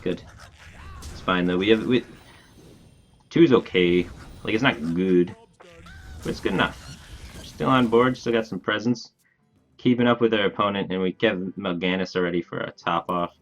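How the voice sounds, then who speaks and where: Low-voiced man streaming a card game. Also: faint music behind. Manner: thinks aloud, plans moves in quick bursts; laid-back, talks to his chat casually. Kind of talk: live gameplay commentary.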